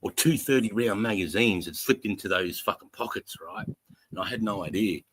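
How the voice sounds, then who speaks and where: A man's voice: fairly low pitch, moderate pace, slightly rough, dry recording, poor audio. Brash Australian man telling war stories. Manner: profane, animated storytelling with acted-out voices. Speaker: podcast host. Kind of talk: casual storytelling.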